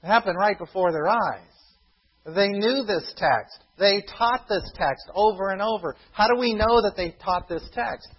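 A man preaching a sermon, emphatic, slowing down for scripture quotes and dropping low for quiet asides. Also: slightly rough, highs cut off. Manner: emphatic, slows for quotations, drops to quiet asides. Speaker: pastor.

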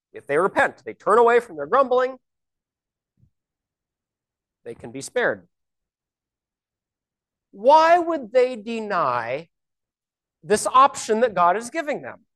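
Woman teaching scripture with lively pitch. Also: slow pace, pauses often. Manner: explanatory, rhetorical questions. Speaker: Bible teacher. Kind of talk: Bible teaching.

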